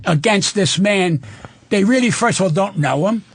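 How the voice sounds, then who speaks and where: An older man, a guest comedian, delivering a loud, emphatic, profane comic rant into a studio microphone. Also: high-pitched, animated, normal speed, breathy edge.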